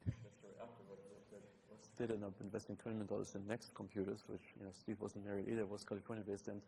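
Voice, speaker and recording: Man chiming in on a chat, rapid-fire, low and mellow, matter-of-fact. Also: level tone, gravelly, slight background noise, rough recording. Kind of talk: casual chat.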